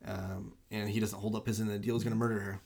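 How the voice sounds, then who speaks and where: A man's voice: lowish voice, flat delivery, fast, vocal fry, a little mellow. Man, podcast co-host, casual movie talk, enthusiastic, acts out scenes.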